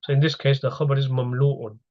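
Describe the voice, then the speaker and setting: Male teacher, mid-pitched, patient slide-by-slide explainer; slightly dull recording. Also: little pitch movement, brisk. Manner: patient, explains step by step with questions to students. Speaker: Arabic grammar teacher. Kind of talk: online lecture over slides.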